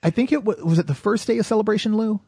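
A man's voice: high voice, rapid-fire, vocal fry, slightly rough, no room sound. A man in his forties from Michigan, hosting a casual podcast chat and telling stories with acted-out quotes. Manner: animated storyteller, acts out quotes. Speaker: podcast host.

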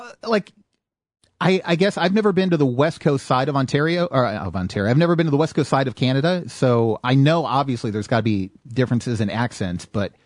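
Lively, animated male podcast host. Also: mid-range voice, dry recording, clean studio sound. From Michigan. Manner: animated storyteller, acts out quotes. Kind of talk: casual podcast chat.

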